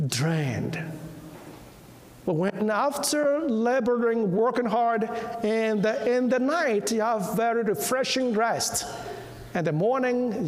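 High-voiced preacher in an echoey hall. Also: male voice, a little hiss or hum. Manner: slow, emphatic, repeats key words; softens to a hush when quoting. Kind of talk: sermon.

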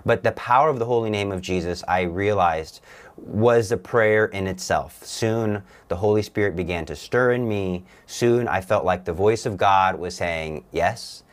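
Speaking in a low voice, a young man appears as a guest on a talk show. He gives an earnest personal testimony that comes out haltingly, with many restarts.

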